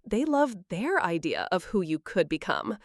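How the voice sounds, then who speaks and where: A woman voicing a loving, plain-spoken older grandmother who speaks gently and reassuringly. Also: lowish voice, big pitch swings, unhurried, no echo, studio quality. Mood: tender.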